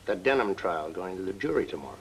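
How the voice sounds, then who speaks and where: A blunt colleague in a 1940s film noir, with a very low, deep voice that moves widely in pitch. He talks in a cautioning, matter-of-fact way. A faint hiss runs underneath. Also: very animated, quick pace, creaky, full character voice.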